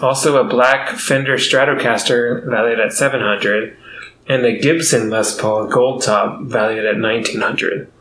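A man's voice: medium pitch, fairly even intonation, unhurried, fairly bright tone, echoey room, slight background noise, poor audio. A man hosting a casual comedy podcast, telling a story with lots of laughs and fillers. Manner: laughs often, rambling with fillers. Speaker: podcast host.

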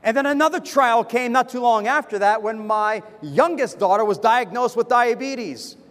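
A man, a pastor giving a sermon from the pulpit in fast, animated personal storytelling. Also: very high-pitched, big-room sound. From United States. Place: church with a pulpit.

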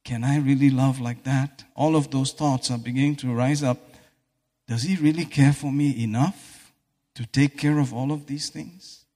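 A man's voice: medium pitch, fairly even intonation, normal speed, dark tone. A man preaching a sermon in a church hall, fervent and breaking into exclamations of praise. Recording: echoey hall reverb.

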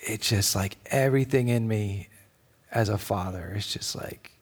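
A man, a father with children, preaching a sermon, telling a personal story with animated ups and downs and dropping to a near whisper at tender moments. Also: fairly low pitch, measured pace, husky. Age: adult with children. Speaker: pastor.

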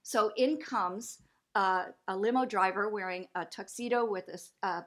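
A middle-aged woman, a guest, telling a story in a lively way and acting out the voices of the people she quotes. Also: normal speed. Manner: lively, acts out quoted voices with big pitch jumps. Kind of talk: animated storytelling.

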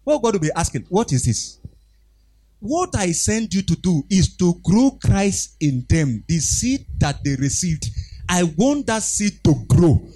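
High, lively-voiced preacher man. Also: a little slow. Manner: exhorting, call-and-response with the congregation; emphatic, repeats phrases. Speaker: pastor. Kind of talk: preaching a sermon.

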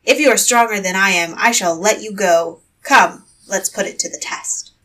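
A woman's voice: mid-range voice, normal speed, fairly bright tone, far from the mic, natural voice. A woman reading a storybook aloud and voicing a huge, frightful old monster with a long white beard, in a threatening, boastful manner. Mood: challenging.

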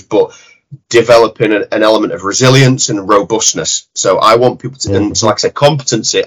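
A man's voice: lowish voice, a bit bright, breathy edge, poor audio. A man with a Yorkshire accent, a jiu-jitsu head coach, talking bluntly and animatedly in a casual interview, with some swearing.

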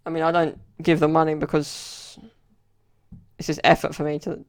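A man rambles through a casual solo podcast story, leaning on lots of fillers. His voice has a gravelly fry, and his pitch stays flat and even. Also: moderate pace. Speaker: podcast host.

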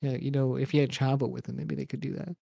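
A man's voice: medium pitch, level tone, quick pace, vocal fry, warm tone, dry recording, clean studio sound. A young man co-hosting a casual wrestling podcast, laid-back, laughing often and swearing freely. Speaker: podcast co-host.

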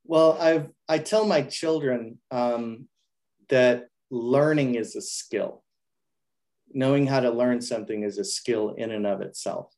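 A man speaks as a guest in a casual interview, his voice at an ordinary middle pitch. He is earnest and reflective, often starting his sentences over. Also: a little slow, a little mellow. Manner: earnest, reflective, with frequent restarts.

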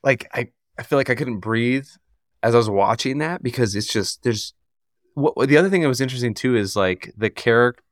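A man's voice: mid-range voice, fairly quick, dry recording, studio quality. A man co-hosting a podcast in casual chat, talking in a chatty, filler-heavy way and poking fun at himself. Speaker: podcast co-host.

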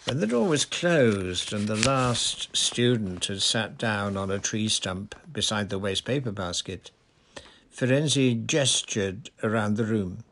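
A man narrating an audiobook in a slow, even manner. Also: lowish voice, a little hiss or hum.

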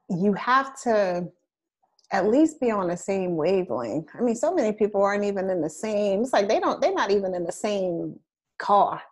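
Playful podcast co-host, woman, animated rising and falling delivery. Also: mid-range voice. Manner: teasing, laughs often, emphatic. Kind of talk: casual podcast chat.

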